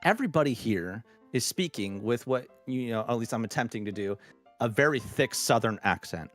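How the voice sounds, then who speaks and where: A man's voice: mid-range voice, animated, normal speed, soft background music. A man narrating a tabletop game as game master, loose and chatty with lots of fillers. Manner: laughing, loose storytelling with many fillers.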